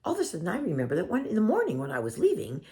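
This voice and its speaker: Low-voiced woman telling a heartfelt story. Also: wildly swooping pitch, very fast. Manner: earnest and emotional, warmly addresses viewers as family. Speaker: vlogger. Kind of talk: heartfelt personal storytelling to viewers.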